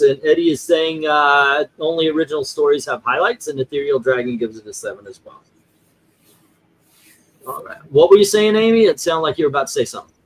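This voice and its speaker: A man's voice: fairly high pitch, a bit bright, rough recording. A man hosting a casual chat, rambling through his points with lots of fillers and restarts. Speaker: host.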